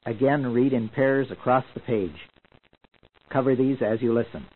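A man giving measured, explanatory scripted narration as the narrator of a language course. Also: medium pitch. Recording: tinny lo-fi old tape.

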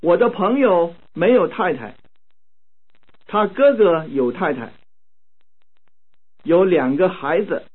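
A man reading short model sentences slowly and carefully for language learners. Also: sits high, expressive, breathy edge. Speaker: language tape speaker. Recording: tinny narrow-band tape recording.

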